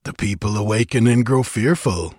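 A man's voice: lowish voice, moderate pace, breathy edge, no room sound. A man reading an audiobook, voicing a cynical mercenary lord who speaks in a dry, sardonic drawl.

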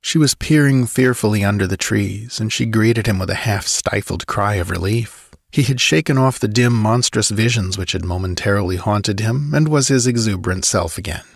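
A man narrating a dramatic adventure story in a measured reading voice. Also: lowish voice, vocal fry, dry recording, studio quality. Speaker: audiobook narrator.

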